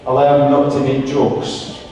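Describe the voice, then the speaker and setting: A man's voice: mid-range voice, monotone, takes it slowly. A Scottish man compering a band concert with chatty stories and self-deprecating jokes. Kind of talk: stage patter introducing band items. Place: large concert hall with audience. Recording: echoey hall from far off, audible hiss.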